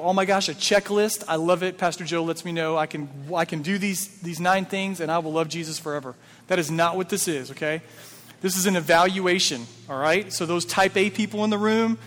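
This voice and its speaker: A man with a fairly high voice preaches in a church sanctuary and keeps throwing rhetorical questions at the congregation. His speech stays casual and conversational. A long reverb from the hall follows every line. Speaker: pastor. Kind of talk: sermon.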